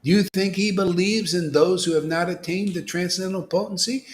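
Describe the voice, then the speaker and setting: A man giving an informal devotional sermon, asking rhetorical questions, dropping to whispers and rising to loud exclamations, laughing now and then. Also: sits high, a little fast. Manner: animated, preachy, swings from hushed whispers to loud exclamations; asks rhetorical questions, laughs at his own jokes. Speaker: spiritual teacher.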